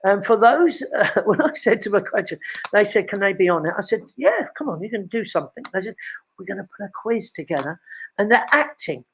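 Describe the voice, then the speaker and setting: A man's voice: high-pitched, lively intonation, brisk, a little hiss or hum, rough recording. An older man, hosting a live show from his home and chatting at length, rambling with many fillers and restarts. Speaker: host. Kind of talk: casual live chat from home.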